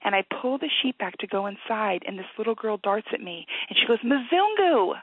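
A woman guest on a call-in radio show, telling a story with animated energy and acting out the people in it. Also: medium pitch, fairly quick, breathy edge, dry recording. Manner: lively, animated storyteller who acts out the voices; quiet, earnest prayer. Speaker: guest author. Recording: tinny phone-line sound.

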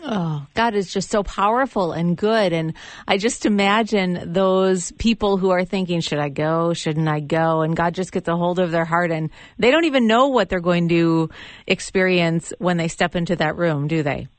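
A woman hosting an interview, asking gentle, affirming questions. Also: fairly low pitch, normal speed, no room sound. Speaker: interview host.

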